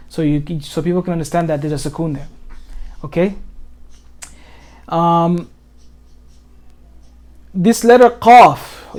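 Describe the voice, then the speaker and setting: A man talking a student through Quran recitation on a call, in an easy, patient way. He restarts often, fills pauses with "um," and slows right down whenever he recites a phrase. Plain computer mic sound. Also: fairly high pitch, darkish tone. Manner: patient, repeats words, many fillers and restarts, slows to recite. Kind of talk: informal one-on-one lesson over screen share.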